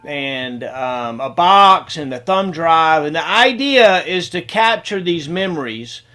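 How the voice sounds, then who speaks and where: A man's voice: a little high, expressive, slow pace, pushed and bright. A man hosting a casual video-call hangout, rambling and repeating words as he thanks people.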